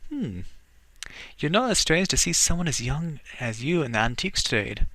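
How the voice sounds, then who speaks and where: A brash, tomboyish young woman with a bouncing, put-on Irish lilt that keeps drifting toward Scottish, as a man voices her for a game. The voice is bright and forward, pitched high, and recorded dry and close. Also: animated, normal speed, no room sound. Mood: teasing. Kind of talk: voice-acted game reading.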